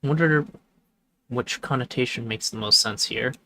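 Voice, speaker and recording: A man streaming a game who thinks aloud in casual commentary and pauses often. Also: medium pitch, creaky, sharp tone.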